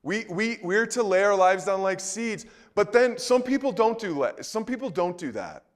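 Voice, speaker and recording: A man preaching a sermon in a conversational way, full of rhetorical questions, moving between soft and loud delivery. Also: sits high, animated, normal speed. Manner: conversational, repeats words.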